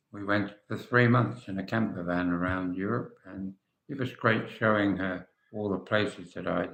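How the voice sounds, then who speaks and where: A man's voice: deep voice, gravelly, fairly bright tone, reverberant. An older English man hosting a casual livestream, chatting and answering viewers' comments by name. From England. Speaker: livestream host.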